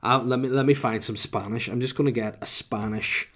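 A man's voice: mid-range voice, fairly even intonation, a little fast, a bit bright. A man with a Northern Irish accent hosting a podcast, rambling jokily and mocking himself, sniffly from a cold. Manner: jokey, rambling, self-mocking. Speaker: podcast host. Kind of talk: casual rambling podcast chat.

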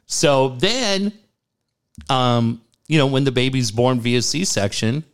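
Telling a personal story in a casual chat, a man speaks slowly in a smooth voice. He gets animated when he acts out what people said, leaping up and down in pitch.

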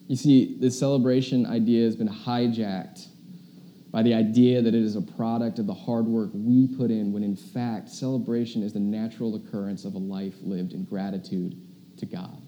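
Dark-voiced young male pastor. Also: fairly low pitch, normal speed, lo-fi sound, a little hiss or hum. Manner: chatty, animated storytelling with many fillers. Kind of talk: casual sermon.

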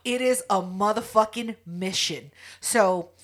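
A woman's voice: mid-range voice, unhurried. A woman co-hosting a casual chat, telling a comic story bluntly with lots of swearing. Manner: profane, blunt, acts out quoted people.

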